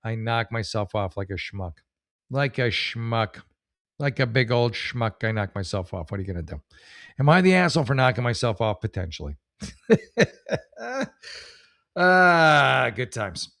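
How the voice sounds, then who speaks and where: A man hosting a casual comedic commentary show, rambling and self-mocking, with many restarts and drawn-out punchlines. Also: medium pitch, very animated, creaky, a bit bright. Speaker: host.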